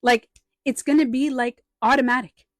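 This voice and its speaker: A woman coaching viewers on a live stream from home, animated, acting out the inner voices she quotes. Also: sits high, moderate pace, no room sound, clean studio sound.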